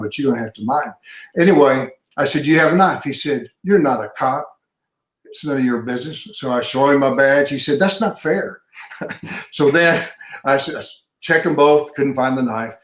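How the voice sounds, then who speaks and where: Older man, folksy pastor telling a story, mid pitch, roomy sound. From Texas. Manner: folksy storyteller, acts out dialogue. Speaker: pastor and retired police sergeant. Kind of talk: storytelling in an interview. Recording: roomy echo.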